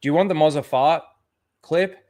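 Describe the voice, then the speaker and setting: A man's voice: fairly high pitch, normal speed, a little mellow. A man hosting a livestream in casual chat, swearing freely and rambling as he stalls for time. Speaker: livestream host.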